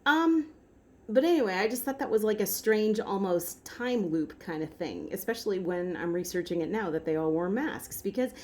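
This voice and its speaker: A woman's voice: mid-range voice, animated, moderate pace. A woman vlogger chatting casually and rambling, with frequent "like" and "um.". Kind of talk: casual chat.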